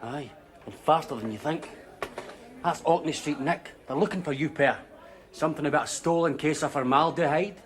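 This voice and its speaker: A man's voice: on the high side, normal speed, a little hiss or hum, close to an everyday voice. An actor playing a smug, sardonic Scottish barman in a TV sitcom, wry and teasing. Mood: warning. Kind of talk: TV sitcom acting.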